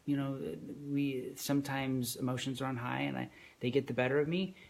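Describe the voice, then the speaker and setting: A man's voice: mid-range voice, steady tone, normal speed, gravelly. Reflective man in a podcast chat. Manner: reflective, with hesitant restarts. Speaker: podcast co-host. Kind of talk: conversational relationship advice.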